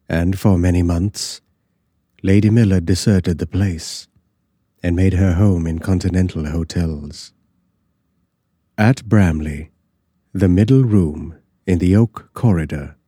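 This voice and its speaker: A man slowly narrating a classic horror story in a measured, dramatic way. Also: deep voice, warm tone, breathy edge, dry recording, clean studio sound.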